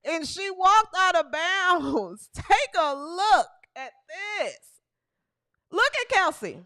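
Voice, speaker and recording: A woman with a high, bright voice gives comic commentary over basketball highlights. Her pitch leaps around as she exclaims, laughs and repeats herself for emphasis. She is the show's host, talking loosely and playfully. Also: sing-song, takes it slowly. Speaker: host of a women's basketball comedy show.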